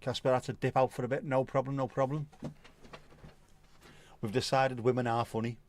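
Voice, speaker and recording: Reading viewer comments on his livestream, a middle-aged host chats casually, laughing and cursing a lot. He speaks at a moderate pace in a medium-pitched, level, slightly mellow voice, with a bit of hiss or hum in the audio.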